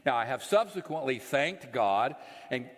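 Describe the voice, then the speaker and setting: A man preaching a sermon, slow and earnest, letting his voice sink low and soft at the ends of phrases. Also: animated. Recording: long reverb of a large hall.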